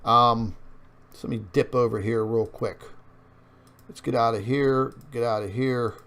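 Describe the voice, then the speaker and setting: A man's voice: medium pitch, steady tone, measured pace, gravelly, a bit bright. Man, online show host, rambling commentary, lots of uh and um, calls viewers folks. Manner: rambling, many fillers, addresses viewers as folks. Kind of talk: casual commentary over on-screen maps.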